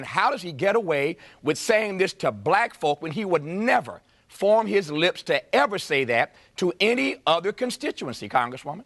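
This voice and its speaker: A man's voice: high voice, sing-song, moderate pace, few pauses, a bit bright, no room sound. A man interviewing a congresswoman on TV, impassioned and building his point through repeated rhetorical questions. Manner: impassioned, preacher-like rhetorical repetition.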